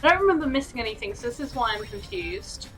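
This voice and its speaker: A woman's voice: fairly high pitch, sing-song, fast, fairly bright tone, distant mic, soft background music, rough recording. A young woman streaming a game, chatting casually and thinking aloud. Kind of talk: casual gameplay commentary.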